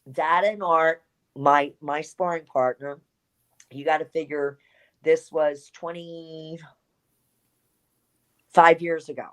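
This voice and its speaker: A middle-aged woman with a notably low voice tells an animated story as an interview guest. She slips into the voices of the people she quotes and swears casually. Her delivery is loose and conversational. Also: slow, long pauses, low-quality recording. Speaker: interview guest, former wrestler.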